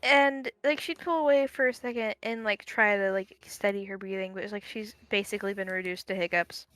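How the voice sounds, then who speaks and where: Young woman running a tabletop game, bright voice, lots of likes and ums. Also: medium pitch, steady tone, no room sound. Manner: halting, many fillers. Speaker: game master.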